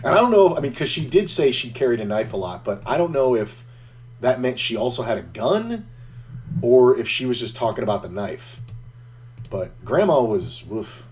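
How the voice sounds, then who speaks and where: A man's voice: medium pitch, big pitch swings, moderate pace, a little mellow. A man streaming an online poker game, casually telling a rambling, profanity-laced story between hands.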